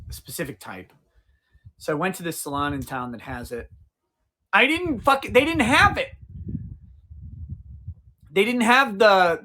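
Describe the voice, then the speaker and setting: A man in his forties, his voice a little high, pushed and bright, hosts a casual livestream outdoors. He rambles, swears freely and answers his chat.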